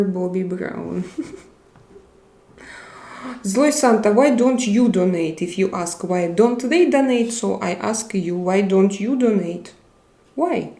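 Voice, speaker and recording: A woman hosting a live stream, chatting casually and reading viewer comments aloud in a halting, chatty way. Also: medium pitch, mellow. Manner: halting, chatty, laughs often. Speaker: livestream host. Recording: roomy echo.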